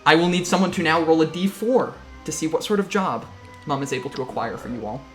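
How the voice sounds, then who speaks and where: A man's voice: fairly high pitch, fast, reverberant, music in the background. A man serving as game master, narrating a tabletop game in a loose, descriptive way full of fillers.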